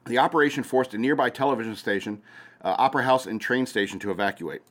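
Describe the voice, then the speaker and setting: A man's voice: medium pitch, fast talker, a bit bright. A man hosting a casual news commentary show, reading headlines aloud with hesitant fillers and breaking off into sarcastic asides. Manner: hesitant, many fillers and restarts while reading.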